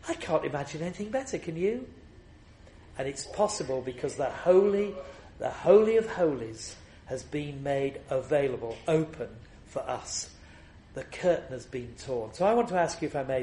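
A man's voice: a little high, mellow, slight background noise. Male preacher with a roomy echo. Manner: storytelling, rising to emphatic repeated refrains. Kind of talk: sermon.

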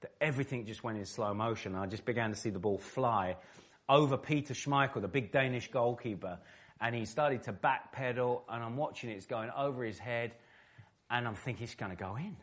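A man's voice: mid-range voice, a little fast. A middle-aged man from England, a former footballer turned pastor, telling vivid stories in an interview and laughing easily. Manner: animated, vivid storyteller who laughs often. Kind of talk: storytelling in an interview.

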